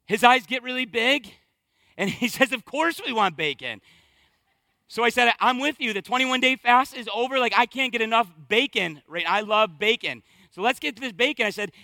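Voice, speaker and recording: A middle-aged man preaching a sermon, telling a family story, then slowing and building for emphasis. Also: sits high, pushed and bright, dry recording. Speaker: pastor.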